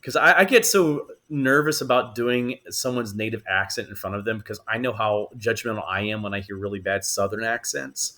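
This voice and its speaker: A man's voice: on the low side, brisk, hardly any pauses, pushed and bright. A man, an actor, telling stories in a podcast interview, laughing often and acting out the voices he quotes. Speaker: actor and voice actor guest. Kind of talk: animated storytelling in conversation.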